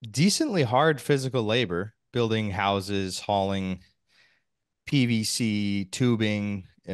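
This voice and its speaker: A man hosting a podcast, talking in a measured way with restarts and small laughs. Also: fairly low pitch, clean tone, dry recording, studio quality. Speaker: podcast host. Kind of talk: casual podcast chat.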